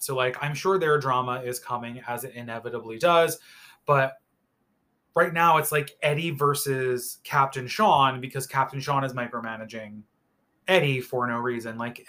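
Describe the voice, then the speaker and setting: Rambling man with a bright voice. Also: medium pitch. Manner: rambling, opinionated, swears freely, heavy "like" fillers. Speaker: reality TV recap host. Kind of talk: casual TV recap monologue.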